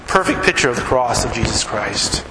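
A man's voice: medium pitch, expressive, moderate pace. A man preaching a sermon as a pastor, telling stories with conversational asides to the congregation. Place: church sanctuary. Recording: echoey hall with long reverb, faint room noise.

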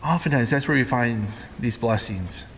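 Male pastor, bright higher voice, lively storytelling sermon, long hall reverb. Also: normal speed, slight background noise. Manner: animated storytelling, acting out characters in paraphrase.

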